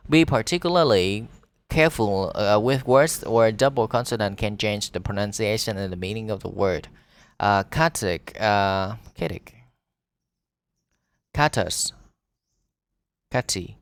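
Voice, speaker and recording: Low-voiced Vietnamese man reading haltingly. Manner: halting reading with frequent "uh" fillers and restarts. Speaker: English teacher. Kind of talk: reading an article aloud as a lesson.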